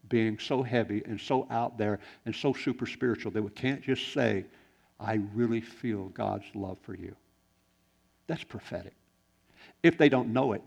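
A man preaching a sermon, shifting between loud exclamations and hushed, quiet lines. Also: medium pitch, creaky. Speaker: pastor.

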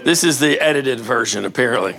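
Gravelly older male pastor, lively. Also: medium pitch, a little fast. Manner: lively storyteller, banters and laughs with the audience. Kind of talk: casual sermon with a read-aloud story.

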